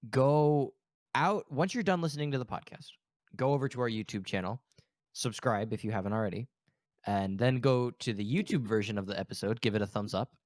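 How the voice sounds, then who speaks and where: A man's voice: fairly low pitch, no echo, studio quality. Chatty young man on a podcast. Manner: joking, rambling, self-interrupting. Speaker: podcast co-host. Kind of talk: casual podcast chat.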